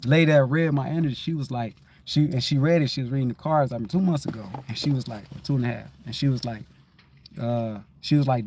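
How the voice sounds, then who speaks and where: A man's voice: medium pitch, fast talker, darkish tone, a little hiss or hum. Rambling laid-back man. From Detroit, USA. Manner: rambling, keeps repeating "you know what I'm saying"; laid-back, loose and conversational. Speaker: livestream host. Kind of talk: casual spiritual livestream monologue.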